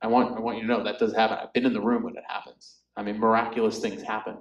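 A man's voice: fairly low pitch, little pitch movement, quick pace, lo-fi sound. A man leading a Bible study in a loose, chatty way, full of fillers and asides. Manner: chatty, filler-heavy, often laughs. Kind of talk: casual Bible study teaching. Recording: echoey room.

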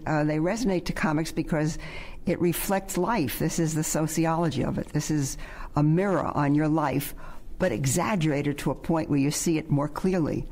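A man's voice: a little high, darkish tone. A man in a documentary interview, explaining in a reflective way why comics matter to readers.

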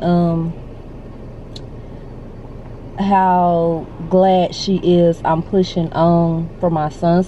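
A woman, chatting excitedly and emotionally in a casual vlog, filmed on a phone held in her hand. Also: on the low side, muffled recording, a little hiss or hum. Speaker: vlogger. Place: store, then parked car.

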